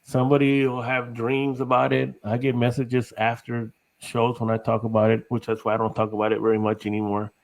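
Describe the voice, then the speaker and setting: A middle-aged man from Texas talks as a podcast guest, loose and rambling. He laughs often and strings his thoughts together with "you know". His pitch sits in an ordinary middle range. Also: completely flat delivery, brisk, gravelly, few pauses, poor audio. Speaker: guest, paranormal investigator. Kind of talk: casual podcast chat.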